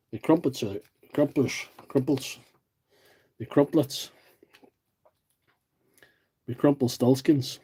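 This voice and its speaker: A man's voice: mid-range voice, slow, pauses often, dark tone, breathy edge. A man with a rural County Derry accent, hosting a repair livestream and chatting in a rambling, self-deprecating way while he works. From Northern Ireland, County Derry. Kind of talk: casual chat while repairing tools.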